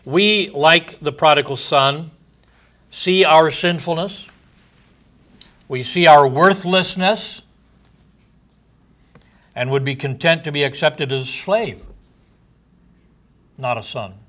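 A man, likely older, delivering a sermon slowly and deliberately, letting his phrases trail off softly at the ends. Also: fairly high pitch. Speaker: preacher.

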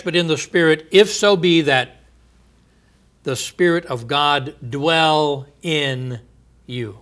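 Male preacher, bright slightly high voice, emphatic delivery that swells on key phrases and sinks low at the close of each thought. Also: takes it slowly. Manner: emphatic, stretching key phrases with rising volume; drops to a quiet low voice at the ends of thoughts. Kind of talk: sermon.

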